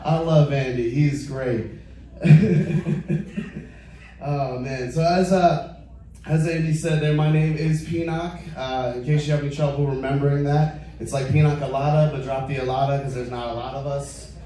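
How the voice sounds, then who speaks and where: Rambling young comic in an echoey club. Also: male voice, on the high side, flat delivery, moderate pace, mellow, distant mic, slight background noise. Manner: rambling, fills nearly every phrase with "like"; chats with the crowd. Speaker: stand-up comedian. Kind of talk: stand-up comedy set. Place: comedy club stage.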